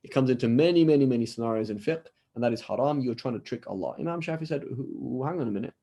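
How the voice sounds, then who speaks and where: A British-accented man with a medium-pitched, warm voice speaks rapid-fire while lecturing a class over a video call. He's an Islamic scholar, and his style is chatty and conversational, with frequent "right?" checks and little acted-out exchanges.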